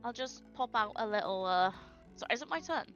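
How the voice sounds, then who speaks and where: A woman's voice: fairly high pitch, a little fast, dull audio, soft background music. A woman playing a tabletop game in casual, giggly chat. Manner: giggly, lively. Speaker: player.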